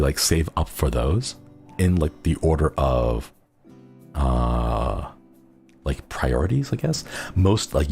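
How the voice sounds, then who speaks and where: Super deep voiced young guy rambling on stream, lots of likes and ums, faint music behind. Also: darkish tone. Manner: rambling, filler-heavy, giggly asides. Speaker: VTuber streamer. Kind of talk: casual chat.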